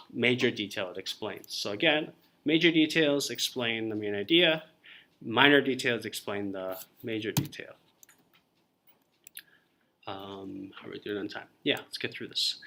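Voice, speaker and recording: A man's voice: medium pitch, sharp tone. A man teaching a college reading class, explaining ideas informally and calling on students by name. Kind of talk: classroom lecture.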